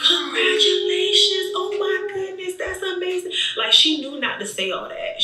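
A woman vlogger telling an emotional story in an animated, chatty way, talking straight to her viewers. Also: fairly low pitch. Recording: echoey room, distant mic.

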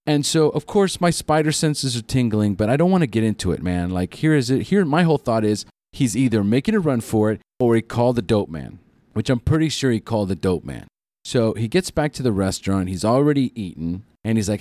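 A man's voice: medium pitch, fairly quick, no room sound, studio quality. A man telling a story on a podcast as a guest. He speaks casually, swears freely and acts out what other people said. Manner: profane, animated retelling with acted-out quotes.

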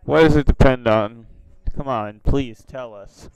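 A man's voice: mid-range voice, measured pace, darkish tone, smooth, low-quality recording. A man who makes online videos, giving casual commentary on video chats and reacting to viewers with exclamations and asides. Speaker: YouTuber.

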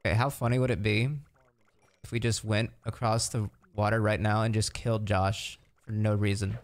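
A man's voice: lowish voice, little pitch movement, moderate pace. A young man streamer chatting in a game, joking and telling rambling stories. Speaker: fellow streamer. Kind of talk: casual gaming chat.

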